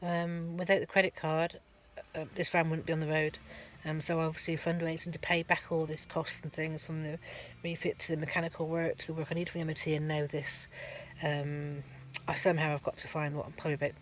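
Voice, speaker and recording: A woman's voice: low-pitched, level tone, brisk, slight background noise. A middle-aged woman, giving a rambling, chatty vlog update from her van at a garage, full of ums and restarts. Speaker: van life vlogger.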